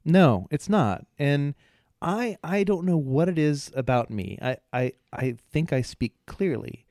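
A man co-hosting a casual podcast chat, telling stories with lots of laughter and acted-out yelling. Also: a little high, a little slow, no room sound, studio quality. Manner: animated storyteller, laughs often, acts out yelling at devices. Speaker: podcast co-host.

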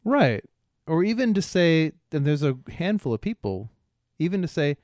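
A man co-hosting a podcast, telling a rambling story in casual chat, halting often, laughing, and imitating bystanders' voices. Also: fairly high pitch, big pitch swings, a little mellow, no room sound, clean studio sound. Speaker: podcast co-host.

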